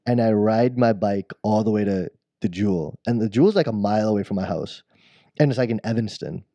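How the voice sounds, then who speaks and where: A man with a low, mellow voice tells a long, rambling childhood story in casual podcast chat. He restarts his sentences often and laughs at his own tale. The recording is close and dry. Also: fairly quick, no echo, lo-fi sound. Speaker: podcast co-host.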